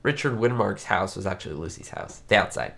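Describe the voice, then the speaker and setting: A man's voice: on the low side, animated, a little fast, creaky, fairly bright tone, slight background noise. A man hosting a live-stream chat, his voice nasal and congested from a cold, talking in a chatty, rambling way with many fillers. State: sick, congested. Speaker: YouTube host. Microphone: webcam setup.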